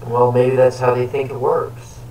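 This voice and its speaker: A man's voice: medium pitch, flat delivery, normal speed, mellow. A man chatting casually during a game, teasing and sarcastic, with crude swearing. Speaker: gaming co-host. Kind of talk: casual gaming chat. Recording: echoey room, distant mic, faint noise.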